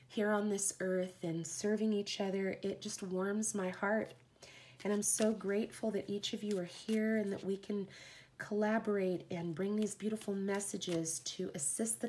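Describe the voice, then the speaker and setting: A woman's voice: mid-range voice, darkish tone. A woman giving a heartfelt, rambling live oracle card reading.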